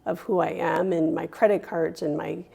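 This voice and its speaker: A woman guest recounting a personal experience in an interview, hesitant and pausing often with fillers. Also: low-pitched, fairly even intonation, vocal fry, dark tone, husky. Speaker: guest sharing a scam experience.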